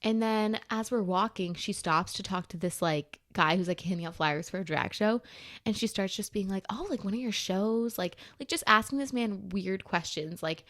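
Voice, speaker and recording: A young woman co-hosting a podcast, telling a story in an animated, exasperated rush, full of "like"s. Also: mid-range voice. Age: young adult. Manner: animated, rushed, exasperated retelling with many "like"s. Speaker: podcast co-host. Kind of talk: casual storytelling.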